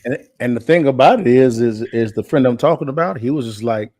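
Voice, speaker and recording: Male co-host, casual stream chat, relaxed storyteller, middle pitch, dry. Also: a little fast, no room sound. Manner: relaxed storyteller, animated when retelling.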